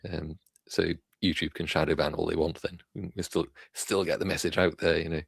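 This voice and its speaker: Deep gravelly-voiced male stream host. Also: flat delivery, fairly quick, no echo. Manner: rambling, many fillers and restarts. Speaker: livestream host. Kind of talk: casual live news chat.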